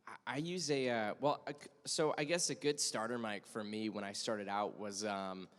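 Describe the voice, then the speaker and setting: A man's voice: fairly low pitch, fairly even intonation, normal speed, fairly bright tone. A man speaking as a voice-acting panelist, chatty and detailed with many fillers, in casual convention talk. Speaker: panelist voice actor. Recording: echoey convention hall.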